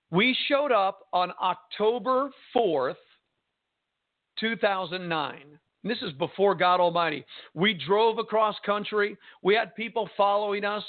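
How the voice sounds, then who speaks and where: A man, a pastor and radio host, telling a faith story in an earnest, conversational way. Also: high voice. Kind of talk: storytelling testimony on a sermon radio show. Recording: tinny phone-line sound.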